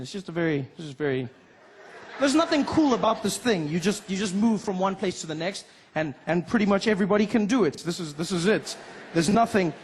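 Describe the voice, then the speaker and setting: A man from Africa, performing a lively stand-up comedy routine and acting out voices. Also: sits high, a little hiss or hum. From South Africa. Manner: animated, acts out voices and laughs.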